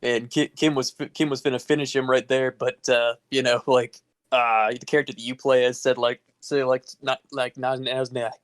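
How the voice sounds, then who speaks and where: A man's voice: mid-range voice, flat delivery, moderate pace, clear, resonant tone, dry recording, clean studio sound. A man co-hosting a podcast, casually retelling video game scenes, swearing freely and chuckling. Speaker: podcast co-host. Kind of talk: casual chat about video games.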